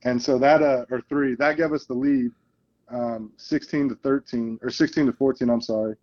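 A man in a casual interview, a football coach telling game stories with plenty of life. He acts out what players and coaches said as he goes. His pitch sits in the middle, and the sound is a little dull and lo-fi. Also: moderate pace. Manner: animated storyteller, acts out quoted lines.

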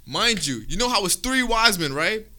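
A man's voice: sits high, expressive, normal speed, sharp tone. A young man casually telling a long, profane story to friends, often checking in with "right?". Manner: rambling, profane, tags lines with "right?".

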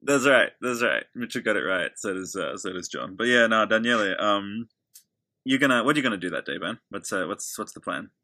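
A man's voice: fairly low pitch, expressive, fairly quick, bright, forceful tone. A man hosting a casual podcast chat, joking and teasing his co-hosts with frequent laughter. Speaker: podcast host.

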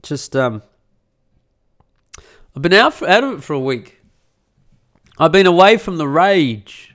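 A man's voice: on the high side, very animated, a little slow, a bit bright. Profane rambling man hosting a podcast. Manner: rambling, profane and self-mocking. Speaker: podcast host and blogger. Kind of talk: casual solo podcast monologue. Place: at home during renovation.

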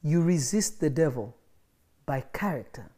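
A man preaching a livestreamed sermon with a fairly high voice. He is emphatic and drives each point home by repeating phrases. Now and then he coughs or laughs between points. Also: expressive, a little slow, warm tone.

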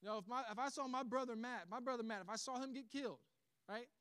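A man preaching a sermon as pastor. He tells the story in an animated way and chuckles often. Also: very high-pitched, quick pace, clean tone, no room sound.

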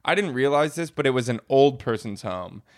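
A man in easygoing conversation, spinning a loose, rambling anecdote. He laughs easily, swears without thinking about it, and keeps a relaxed, chatty flow. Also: medium pitch, a little fast, dry recording, studio quality. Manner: storytelling, laughs often, swears casually. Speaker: podcast host. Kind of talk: casual chat.

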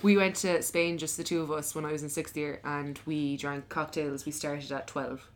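A young woman hosting a casual podcast chat, brash and quick to swear and laugh. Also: low-pitched, little pitch movement, very noisy.

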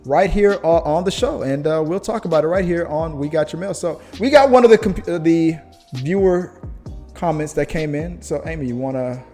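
A man's voice: a little high, moderate pace, darkish tone, faint music behind. A man hosting a casual chat show, rambling with restarts and frequent laughter. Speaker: podcast host.

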